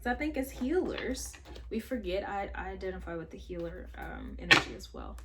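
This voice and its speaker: Chatty woman tarot reader, mid-pitched, thinks aloud over heavy background noise. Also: expressive, brisk. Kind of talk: casual spiritual tarot reading.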